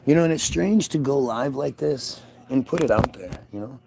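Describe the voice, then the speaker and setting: A man's voice: medium pitch, expressive, normal speed, vocal fry, few pauses, warm tone, slight background noise. A man hosting his own livestream, musing aloud in a casual, rambling and sarcastic way from home. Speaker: livestream host.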